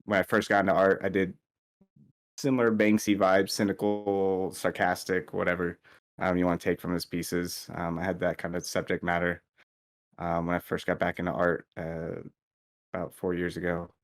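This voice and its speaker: A man talking as a guest artist in a casual interview over a call, halting with many fillers and restarts. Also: low voice, monotone. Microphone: remote call audio.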